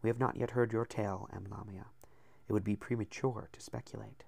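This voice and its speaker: A man doing a hushed, mysterious Templar. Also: on the low side, steady tone, fairly quick. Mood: calm. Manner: quiet, breathy, near whispered, oddly accented. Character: calm hooded male Templar, quiet and mysterious.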